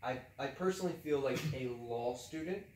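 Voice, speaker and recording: A man's voice: medium pitch, fairly quick, darkish tone. A man co-hosting a casual podcast discussion, talking with fillers and frequent laughs. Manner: conversational, hesitant with fillers, laughs often. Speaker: co-host. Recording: echoey room, distant mic.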